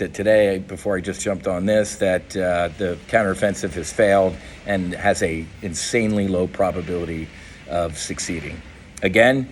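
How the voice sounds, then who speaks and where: A middle-aged man with a low voice, a podcast host and veteran advocate, delivers an impassioned, profane political monologue over slight background noise. He's blunt and frustrated and often restarts his sentences.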